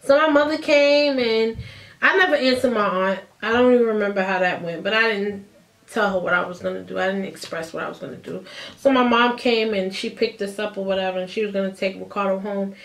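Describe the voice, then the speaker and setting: A woman in her thirties, telling a personal story to the camera in a chatty, animated way and acting out what others said. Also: medium pitch, brisk, gravelly. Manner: animated, chatty, acts out quotes. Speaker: vlogger. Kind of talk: casual storytime.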